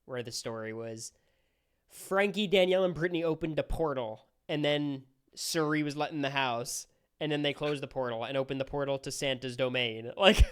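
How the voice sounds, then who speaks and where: A young man hosting a livestream and chatting casually. He gives blunt, quick opinions. His voice is smooth and clear at a middle pitch. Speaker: streamer host.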